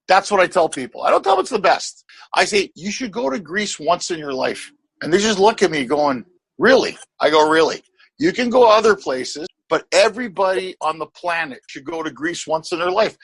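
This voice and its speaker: A middle-aged man hosts a podcast in a high, husky voice on a close, dry mic. He rambles with animated energy, laughs often and swears freely. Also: no echo, low-quality recording. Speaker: podcast host. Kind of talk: casual podcast conversation.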